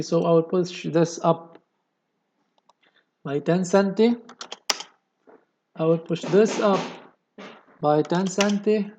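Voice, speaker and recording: A man's voice: high voice, dark tone, lo-fi sound, slight background noise. A man with a delivery, explaining a technical drawing step by step in a screen-recorded tutorial. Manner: slow, step-by-step explaining with many okays. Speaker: engineering tutorial presenter.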